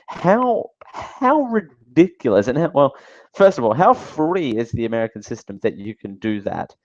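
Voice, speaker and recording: A man's voice: mid-range voice, big pitch swings, normal speed, darkish tone, no echo, highs cut off. A man hosting a live talk show, giving casual, sarcastic commentary that rambles with fillers and restarts. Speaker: show host.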